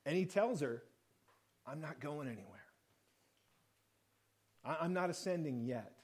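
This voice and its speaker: Male pastor, high pitch, casual sermon delivery that acts out the quotes. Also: lively intonation, unhurried, slightly rough. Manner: conversational preaching, acts out quoted lines.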